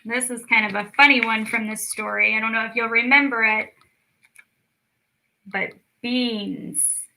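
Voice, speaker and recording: A young woman leading a children's lesson, stretching words out slowly and cheering the kids on. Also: a little high, steady tone, gravelly, sharp tone, rough recording. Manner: slow, drawn-out words for children, encouraging. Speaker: speech clinic storytime teacher. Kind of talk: children's lesson, clapping out syllables.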